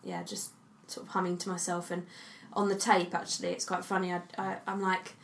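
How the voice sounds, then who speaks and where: A woman's voice: lowish voice, level tone. Young english woman chatting on a podcast, playful, slight hiss behind her. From England. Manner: chatty and playful, quick to laugh. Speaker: podcast co-host, singer. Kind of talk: casual chat.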